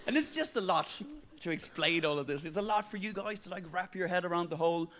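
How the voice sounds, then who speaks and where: A man's voice: high voice, animated, fairly quick, fairly bright tone, a little hiss or hum. A Danish man doing stand-up in English with an Irish-tinged accent, self-mocking and acting out voices. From Denmark. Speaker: stand-up comedian. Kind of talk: stand-up set.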